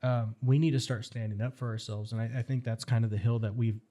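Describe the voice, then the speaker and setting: A man's voice: medium pitch, fast. A middle-aged man, a firearms instructor guest on a podcast, telling stories bluntly and rallying listeners. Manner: animated storyteller, blunt and rallying. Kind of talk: casual podcast conversation.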